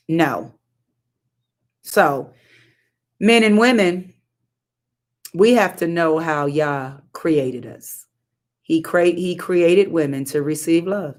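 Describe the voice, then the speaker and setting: Middle-aged woman preacher, unhurried live sermon, heavy repetition and sassy asides. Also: on the low side. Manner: emphatic repetition and call-outs to the audience.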